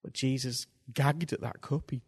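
A man preaching a sermon, swinging between hushed lines and loud, drawn-out bursts for emphasis. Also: medium pitch, fairly even intonation, husky.

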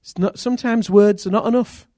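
A man preaching a sermon as pastor, earnest and intimate, with sudden loud rises. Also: high-pitched, steady tone, brisk, no room sound, studio quality.

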